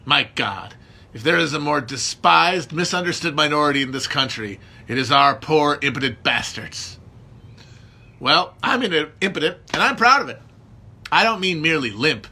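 A man performing a monologue as an embittered aging male hospital doctor, ranting bitterly and building to shouts. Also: on the high side, animated, normal speed, gravelly, slightly rough, heavily acted.

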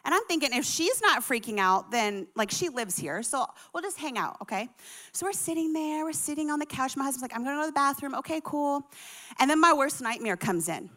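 Bright, high-voiced woman storyteller. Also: brisk. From Colorado, USA. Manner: animated, chatty, full of acted-out quotes. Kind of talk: comic personal storytelling.

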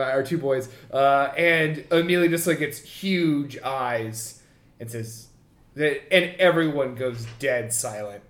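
A woman running a comedic tabletop game podcast as game master, narrating with giggles and fillers. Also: low-pitched. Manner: lively, giggly storytelling with fillers. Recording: roomy echo.

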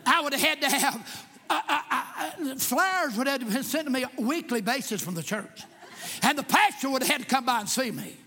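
A man preaching a sermon. He is impassioned, jokes at times and rises to shouts in a church. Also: extremely high pitch, expressive, a little fast, breathy edge. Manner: impassioned, shouting at peaks, joking asides. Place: church sanctuary with congregation. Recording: echoey church hall.

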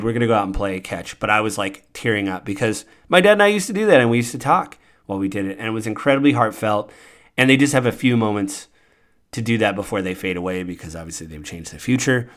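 A man with a fairly low voice hosts a podcast and talks through a film's ending. His delivery is casual and earnest, winding through fillers, restarts and loose asides. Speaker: podcast host. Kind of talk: casual movie recap.

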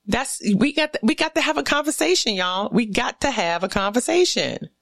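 A woman's voice: mid-range voice, fast talker, few pauses, dry recording, clean studio sound. Profane, riffing woman podcast host. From US East Coast. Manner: animated, profane, sarcastic riffing. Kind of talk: casual solo podcast monologue.

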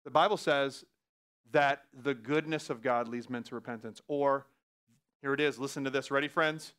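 A man preaching a sermon as pastor, talking in a casual, laughing way and swinging from hushed lines to loud outbursts. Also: medium pitch, brisk.

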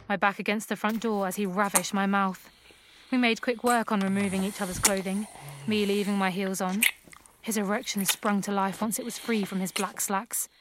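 A woman narrating an erotic audio story in a soft, unhurried first-person reading. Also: medium pitch, background noise. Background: music.

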